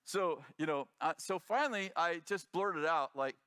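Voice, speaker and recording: Animated man preaching a story. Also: fairly high pitch, normal speed, clean tone, dry recording, studio quality. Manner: animated storyteller acting out quoted voices. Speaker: pastor. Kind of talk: sermon storytelling.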